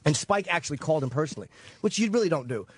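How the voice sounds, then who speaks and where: A man's voice: fairly high pitch, animated, rapid-fire, breathy edge. A man casually telling a story to friends, laughing and teasing as he goes. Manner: laughing, teasing back and forth.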